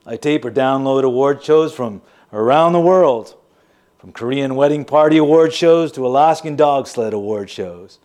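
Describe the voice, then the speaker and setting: A man's voice: mid-range voice, normal speed, a little mellow, lightly acted. A man playing a wry, bitter grown son. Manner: sardonic, confiding. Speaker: narrating character. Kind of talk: first-person audio drama monologue.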